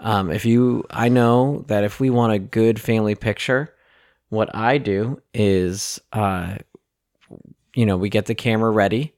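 Here is a man co-hosting a podcast in a casual chat, his voice sitting fairly low. He rambles through jokey stories with plenty of restarts. The sound is dry and close, with little room in it. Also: measured pace, a little mellow, no echo. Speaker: podcast co-host.

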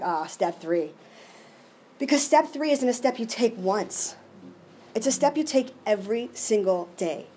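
A middle-aged woman giving a personal recovery share, emotional and expressive, with many restarts. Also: on the high side. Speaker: recovery meeting speaker.

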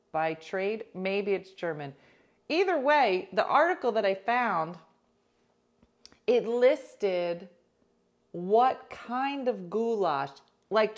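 A woman chatting casually with live viewers, playful and talkative, often dropping into soft asides. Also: fairly low pitch. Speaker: livestream host.

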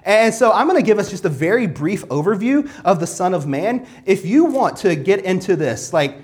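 Male pastor preaching, earnest and animated in pitch, stacks up rhetorical questions and restarts a lot. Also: moderate pace. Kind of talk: sermon.

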